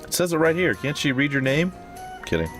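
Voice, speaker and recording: Dry, sardonic young swordswoman read by a man, lively pitch. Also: a little fast, soft background music. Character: young female sword-fighter heroine, dry and tough.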